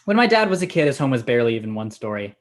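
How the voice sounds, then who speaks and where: A young actor playing a deadpan young man afraid of buildings, pedantic and rambling when he tells a story. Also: mid-range voice, very fast, close to an everyday voice. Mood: storytelling. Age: young adult. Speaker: actor in a student comedy sketch. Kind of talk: stage comedy dialogue.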